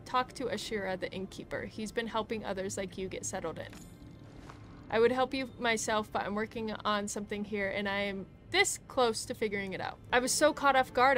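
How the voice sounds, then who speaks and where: A woman's voice: medium pitch, a bit bright, natural voice. A woman voicing a young female apprentice scholar who researches old ruins, reading the game dialogue aloud in her own voice. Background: game music.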